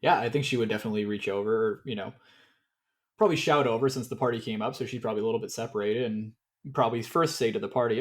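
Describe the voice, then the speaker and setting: A man running a tabletop game as game master, explaining the scene in a calm, measured way. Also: on the low side. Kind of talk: tabletop game role-play.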